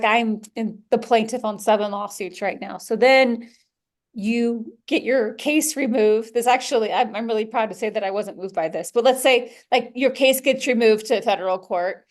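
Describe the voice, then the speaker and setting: Candid, animated woman podcaster. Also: fairly high pitch. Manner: candid, animated, swears and laughs freely. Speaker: podcast host. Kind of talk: personal podcast talk.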